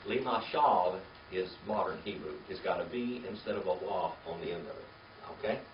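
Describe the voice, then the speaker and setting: Deep-voiced and brisk, an older man teaches Hebrew to a class, spelling out words with patience and coaxing his students with "okay?" and "all right?" The dull, lo-fi audio carries a faint hiss, and he sounds far off in a roomy space.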